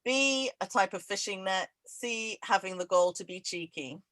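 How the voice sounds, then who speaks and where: A woman hosting an online quiz over a video call, laughing often and reading each question twice, slowly. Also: mid-range voice, a bit bright, no room sound, rough recording. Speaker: event host running a quiz. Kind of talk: casual online event chat.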